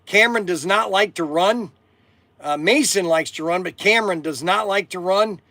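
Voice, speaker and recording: A man in his sixties from Ohio rambles excitably through a live stream, circling back and repeating himself. His voice sits high and bright. The sound is dry and close. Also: moderate pace, dry recording. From Ohio, USA. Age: 60s. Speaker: toy shop host.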